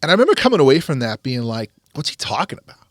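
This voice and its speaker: A man hosting a podcast, telling a story in a lively, rambling way with quick restarts. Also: medium pitch, no echo, studio quality. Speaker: podcast host. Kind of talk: casual storytelling chat.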